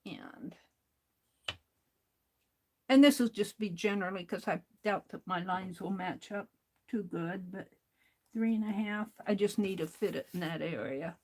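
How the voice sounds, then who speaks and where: A woman's voice: medium pitch, a little slow, long pauses, darkish tone. A woman hosting a crafting livestream, chatting to viewers while she works and laughing often. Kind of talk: casual crafting chat while working.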